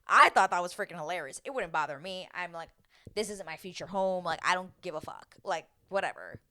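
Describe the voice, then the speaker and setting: A woman's voice: on the low side, expressive, a little fast, sharp tone. A young woman hosting a casual reality-show recap, chatting loosely, acting out quotes and swearing now and then. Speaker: TV recap host.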